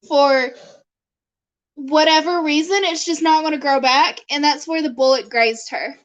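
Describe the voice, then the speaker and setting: A woman's voice: sits high, a bit bright, highs cut off. A young woman streaming live, chatting casually with her viewers and her dog and laughing often.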